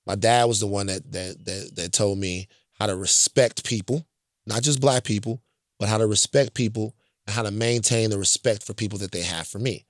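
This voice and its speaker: A man's voice: fairly low pitch, normal speed, dry recording. Brief: blunt, emphatic male storyteller from Louisiana, casual, dry close mic. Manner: emphatic, repeats points, checks in with "right?"; profane and blunt.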